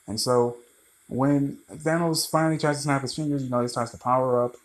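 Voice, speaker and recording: A man's voice: mid-range voice, quick pace, rough recording. Rambling, profane male movie reviewer.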